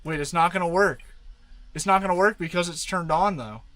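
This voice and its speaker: A man's voice: high-pitched, fairly quick, pushed and bright, dry recording, poor audio. A man chatting casually on a live stream, rambling and talking baby talk to his dog.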